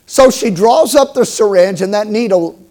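A middle-aged man preaching a sermon, telling stories with humor and emphatic swings in loudness. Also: high voice, lively intonation, moderate pace. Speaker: pastor.

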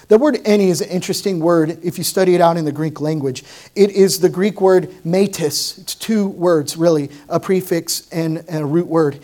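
A male pastor with a notably high-pitched voice delivers a sermon. He swings between loud, pressing emphasis and hushed, lower-toned explanation as he teaches verse by verse. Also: moderate pace. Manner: emphatic preaching with rising and falling intensity.

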